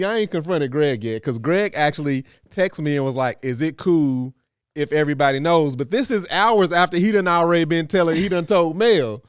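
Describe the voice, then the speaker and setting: A man, co-hosting a casual chat, telling a story in a rambling, animated way with many restarts. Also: sits high, clear, resonant tone, no echo, clean studio sound. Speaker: co-host.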